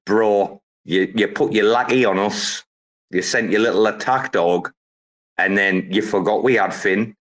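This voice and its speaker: A man with a lowish voice hosts a loose live audio chat. He rambles from point to point, swears constantly and keeps hyping his friend's work. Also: a bit bright. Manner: profane, rambling, hyped-up. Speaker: host.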